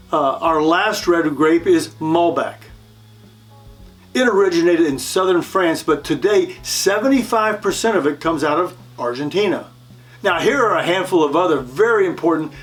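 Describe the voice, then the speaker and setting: A man presenting a wine lesson in a friendly way, often repeating words and pausing on fillers. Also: a little high. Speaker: wine educator. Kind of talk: instructional video presentation.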